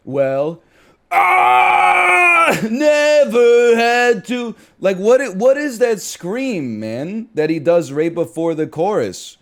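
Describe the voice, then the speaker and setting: A young man with a fairly high, warm, sing-song voice chats while gaming at a measured pace with few pauses. He rambles and jokes, trailing off into riffs and bursting into mock screams.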